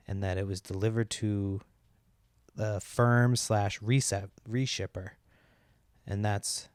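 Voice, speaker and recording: A man's voice: lowish voice, a little mellow, no room sound, studio quality. A man, hosting a podcast and telling a long exasperated story in a casual, profane, rambling way. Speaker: podcast host.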